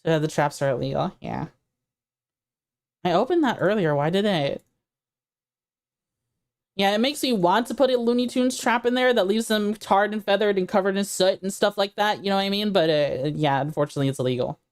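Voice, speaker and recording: A woman's voice: mid-range voice, lively intonation, a little fast. A woman streamer chatting casually while playing, laughing easily and talking to her chat.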